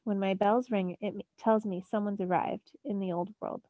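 Woman voicing a brisk mysterious woman, urgent, mellow tone, dull recording. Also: mid-range voice, fairly even intonation, dry recording, lightly acted.

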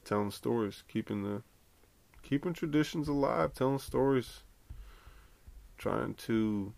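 A man's voice: mid-range voice, measured pace, vocal fry, darkish tone. A man hosting a podcast on his own, talking in a loose, rambling way and swearing freely. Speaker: podcast host. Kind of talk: casual solo podcast chat.

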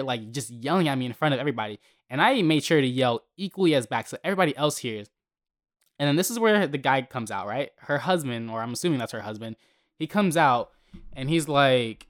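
A young man hosts a podcast and rants through his neighborhood stories. He sounds heated and animated and swears freely, at an ordinary pitch for a man. The voice comes across close and dry, with no room sound. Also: fairly quick, no echo. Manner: heated, profane, animated storytelling. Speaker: podcast host. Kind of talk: casual storytelling rant.

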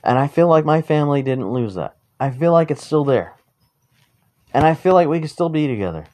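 A man's voice: on the high side, animated, fairly quick, darkish tone. A man ranting bluntly and heatedly into the camera, swearing freely. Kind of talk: unscripted angry rant. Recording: noisy recording with clicks.

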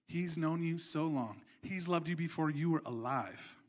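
A young man preaching a sermon as a pastor, talking in a relaxed and joking way and acting out the people he quotes. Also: on the high side, moderate pace. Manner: conversational and joking, acts out quotes.

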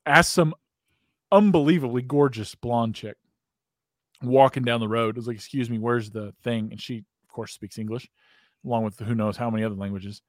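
A man's voice: medium pitch, moderate pace, dry recording, studio quality. A man with an American accent, hosting a podcast and telling a long, profane, rambling story in casual chat, often breaking into laughter. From United States. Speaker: podcast host.

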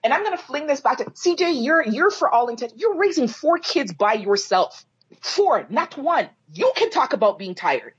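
A woman with a breathy, husky voice and a lively, swooping pitch, fairly high for her sex. She speaks bluntly and with plenty of swearing as a podcast co-host. The audio is slightly dull and lo-fi. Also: moderate pace. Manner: blunt, profane and indignant. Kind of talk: heated casual podcast talk.

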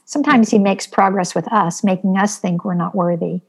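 A woman's voice: medium pitch, steady tone, normal speed. Earnest woman preaching in casual talk. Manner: earnest, preaching, frequent ums. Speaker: co-host of a Christian talk show. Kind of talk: casual faith discussion.

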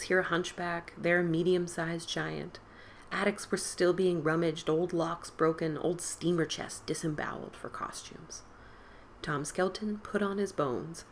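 A woman reads a spooky story aloud in a slightly low voice. She reads with drama, hushing to a whisper at times and lifting her voice for the excited cries. A faint hiss sits under the recording. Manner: dramatic, drops to whispers and lifts for quoted boys' cries. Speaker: podcast host reading a story. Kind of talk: expressive storybook reading.

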